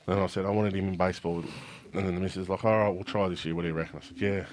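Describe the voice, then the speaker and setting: A man's voice: low-pitched, steady tone, racing, a little mellow. An Australian man in his forties, a podcast guest chatting casually and bluntly, swearing freely and acting out what his family says. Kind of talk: casual chat.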